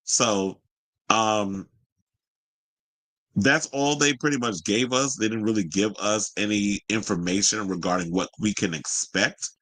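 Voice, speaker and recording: A man's voice: fairly low pitch, a little slow, fairly bright tone. A man hosting a casual pop-culture commentary show, chatty and opinionated, full of asides and fillers. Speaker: host.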